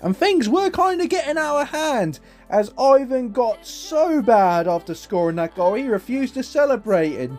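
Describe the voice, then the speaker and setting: High-voiced excitable man commentating a game. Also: normal speed, hardly any pauses, faint music behind. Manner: excitable, jokey, says literally a lot. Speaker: gaming YouTuber.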